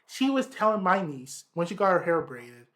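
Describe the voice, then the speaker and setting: Animated, swearing man podcast co-host. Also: high-pitched, moderate pace. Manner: animated storytelling, swears freely. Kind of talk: casual conversation.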